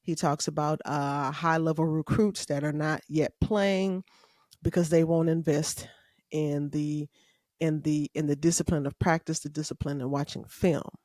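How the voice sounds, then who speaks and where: A woman's voice: low-pitched, fairly even intonation, a little slow, a little mellow, no room sound, studio quality. A woman hosting her own podcast, telling stories and giving casual commentary in a folksy, emphatic way. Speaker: podcast host.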